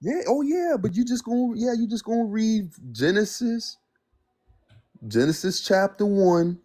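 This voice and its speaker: A man on a call-in debate, drawling in a playful, preacher-like cadence. His voice sits a touch high and swings widely in pitch, and he takes his time with every phrase. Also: expressive, warm tone. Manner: drawn-out, playful preacher-like cadence, calls others beloved. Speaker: caller posing as a divine figure. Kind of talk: casual debate chat.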